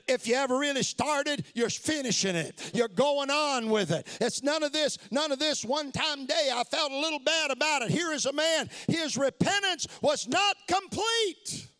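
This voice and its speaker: A middle-aged man preaching a sermon, dropping to hushed asides and then shouting for emphasis, repeating phrases to drive them home. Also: very high voice, animated, a little slow, few pauses.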